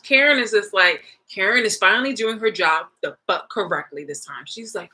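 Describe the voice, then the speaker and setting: Bright-voiced woman ranting casually. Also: fairly low pitch, fairly quick, hardly any pauses, breathy edge, low-quality recording. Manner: profane, animated, retelling a clip with laughs. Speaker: vlogger. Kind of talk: casual rambling monologue.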